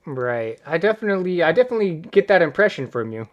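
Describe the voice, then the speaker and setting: A young man chatting on a podcast in a laid-back, reserved way, pausing on fillers. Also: a little high, very animated, highs cut off. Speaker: podcast guest, gaming YouTuber. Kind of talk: casual podcast chat.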